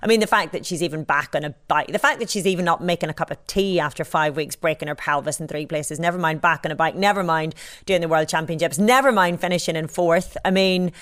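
A woman's voice: sits low, fast talker, few pauses, a bit bright. A woman co-hosting a podcast, reacting in an emphatic, exclamatory way. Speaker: podcast co-host. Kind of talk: casual chat.

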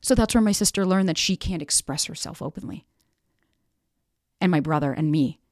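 A woman with a fairly low voice speaks on a podcast in a frank, emphatic way and swears freely. Her voice is close to a podcast mic and sounds dry. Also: moderate pace, no room sound. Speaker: podcast host and dating coach. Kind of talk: candid podcast monologue.

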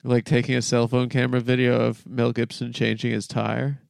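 A laid-back male comedy co-host chatting casually and tossing in crude jokes. His voice is gravelly with fry underneath, yet smooth and clear, and it sounds dry and close. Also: medium pitch, monotone, moderate pace, no echo. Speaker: podcast co-host.

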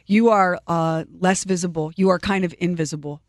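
A woman's voice: mid-range voice, fast talker, hardly any pauses, slight background noise. Chatty woman radio co-host telling stories. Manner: animated storyteller, mimics people in her stories. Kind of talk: casual morning show banter.

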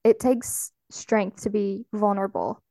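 A woman's voice: medium pitch, fairly even intonation, measured pace, vocal fry, warm tone, dry recording, clean studio sound. A woman hosting a casual podcast chat, encouraging and speaking straight to her listeners. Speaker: podcast host.

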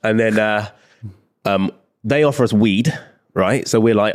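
A man's voice: lowish voice, normal speed. A young man, co-hosting a podcast and telling a story in casual chat, swearing freely. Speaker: podcast co-host.

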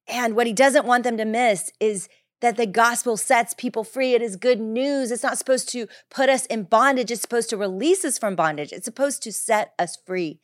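A woman teaching through a Bible passage in an animated, lively way. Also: normal speed, no room sound, clean studio sound. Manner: lively, animated, acts out Paul's voice with big pitch jumps.

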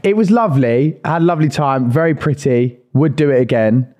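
A man's voice: medium pitch, a little fast, darkish tone. A young man co-hosting a studio podcast, his voice sitting in a middle register. He tells stories in a loose, chatty way and drops a swear word now and then. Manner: chatty storyteller, swears casually. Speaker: podcast co-host. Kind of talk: casual chat.

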